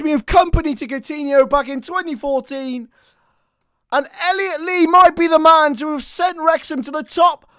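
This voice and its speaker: A man giving live football commentary, chatty with listeners and bursting into shouts at chances and goals. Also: very high voice, fairly even intonation, moderate pace, no echo, clean studio sound.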